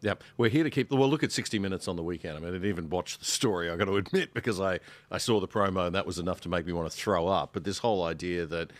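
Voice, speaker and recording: A man on a discussion panel, speaking earnestly and growing heated, going quiet on grave points. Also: low-pitched, quick pace, hardly any pauses, no room sound. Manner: earnest, heated, drops soft on sad points. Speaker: panel guest, show host.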